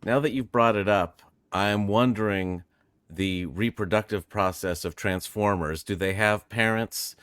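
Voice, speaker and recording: A man on a podcast in casual group chat, making deadpan jokes. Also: lowish voice, unhurried, clean tone, dry recording, clean studio sound. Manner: deadpan joking. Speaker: podcast co-host.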